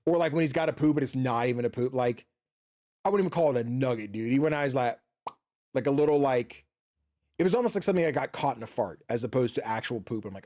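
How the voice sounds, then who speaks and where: A man's voice: mid-range voice, fast, darkish tone. A man streaming a video game from his home office, chatting casually, rambling and swearing, with lots of fillers and restarts. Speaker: gaming streamer.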